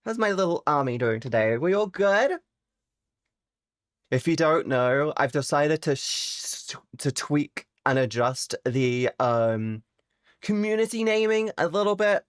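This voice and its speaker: A woman live streamer with a fairly low voice chats with her viewers in a playful, teasing way, swearing freely. Her pitch swings widely, with sudden high squeaky exclamations, while she mostly talks at an unhurried pace. The sound is dry and close, with no room echo. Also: animated.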